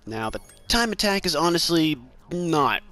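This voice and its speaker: Man, from Maine, playful gameplay commentary, animated pitch, faint music behind. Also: measured pace. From Maine, USA. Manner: playful, jokey, talks to the game characters.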